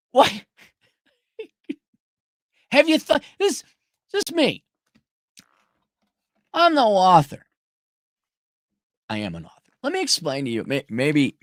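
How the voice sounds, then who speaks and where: A man's voice: a little high, wildly swooping pitch, slow, pauses often, no room sound, studio quality. A man hosting a show, delivering a profane, sarcastic ranting monologue. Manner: sarcastic, swears a lot. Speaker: podcast host.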